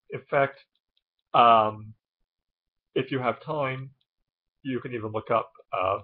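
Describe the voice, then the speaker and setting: A man explaining something in a casual, halting way, with frequent ums and uhs. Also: mid-range voice, creaky, husky, highs cut off. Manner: hesitant, many ums and uhs. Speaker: video host.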